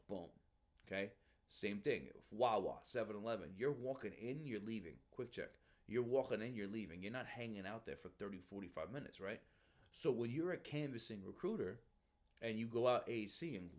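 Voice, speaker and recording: Animated swearing man on a podcast. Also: fairly low pitch. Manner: animated, swearing, addresses listener as bro. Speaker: Marine recruiter podcast host. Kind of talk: casual podcast monologue.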